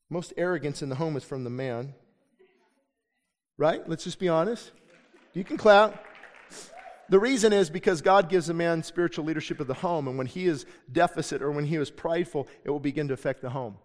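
Fired-up middle-aged preacher, slightly high voice. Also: male voice, normal speed. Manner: impassioned preaching, acts out the people he quotes. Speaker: pastor. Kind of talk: sermon. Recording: long hall reverb.

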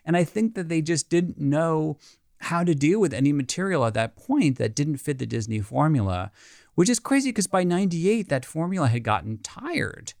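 A middle-aged man, an animator being interviewed, telling stories in a casual, excitable way, with many restarts and fillers. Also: on the high side, gravelly, no echo, studio quality. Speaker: animator guest.

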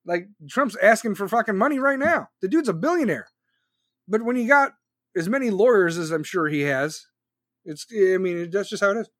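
High-voiced, profane ranting podcast host. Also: male voice, lively intonation, normal speed, fairly bright tone, dry recording, studio quality. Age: 40s. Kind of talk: casual political rant.

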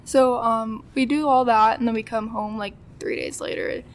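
A woman in her twenties with a fairly high voice speaks at a normal speed with fairly even intonation. As a podcast guest she's telling a story casually and chattily, acting out what people said and laughing often.

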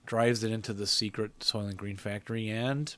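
A middle-aged man co-hosting a casual film chat, chatty and quick to laugh, acting out movie lines as he recaps. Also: fairly low pitch, fairly even intonation. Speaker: podcast co-host.

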